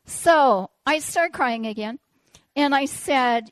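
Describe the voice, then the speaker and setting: A woman preacher telling a personal story in a sermon, animated and self-deprecating. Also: high-pitched, measured pace, no room sound.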